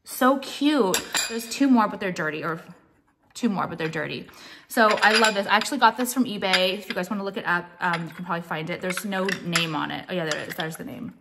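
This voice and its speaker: A woman's voice: fairly low pitch, a little fast, background noise. Chatty American woman rambling casually. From United States. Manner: rambling, heavy use of "like", swears casually. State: pregnant. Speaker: vlogger showing purchases. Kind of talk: casual show-and-tell chat.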